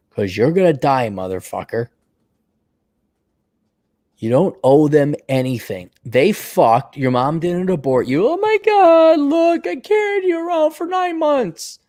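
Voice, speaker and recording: A man hosting an advice show, ranting bluntly and profanely, his voice jumping between high mocking outbursts and low mutters. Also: dark tone, no room sound, studio quality. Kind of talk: profane advice livestream rant.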